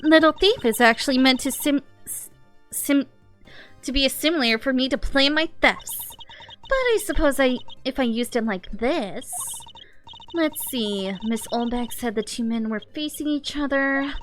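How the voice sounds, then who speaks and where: A woman's voice: high voice, animated, moderate pace, a bit bright, faint music behind, pitched above the performer's own voice. A woman voicing a young, cheerful female master thief in a fan voice-over of a game, speaking in a perky, eager-to-help way.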